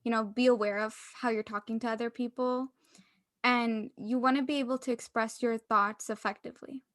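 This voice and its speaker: Young woman podcast cohost, upbeat and chatty, laughs a lot, bit high voice, dry close mic. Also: fairly even intonation, brisk, fairly bright tone, no room sound. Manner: upbeat, explanatory, laughs often. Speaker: podcast co-host. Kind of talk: casual chat.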